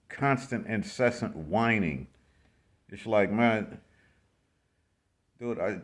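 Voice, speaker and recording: Blunt, exasperated man ranting on camera. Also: fairly low pitch. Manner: blunt, slangy, repetitive, exasperated. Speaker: vlogger. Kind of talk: casual ranting commentary.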